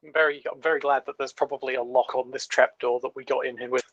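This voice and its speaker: A man at a tabletop game lays out his plan in a matter-of-fact way. His pitch is middling. The sound is dry, with no reverb. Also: level tone, fast, a bit bright, husky, dull audio. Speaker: player. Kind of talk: casual tabletop game talk.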